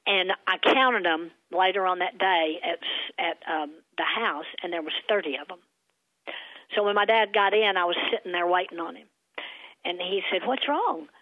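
A woman guest telling a personal faith story in a lively, storytelling way. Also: on the low side, moderate pace, no echo. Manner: animated, acts out her father's voice in quotes. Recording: tinny phone-like sound.

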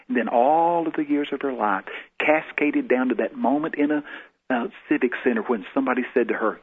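A man's voice: mid-range voice, a little fast, breathy edge. A man, a guest minister, telling a testimony in a folksy storytelling way. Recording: tinny phone-like radio broadcast.

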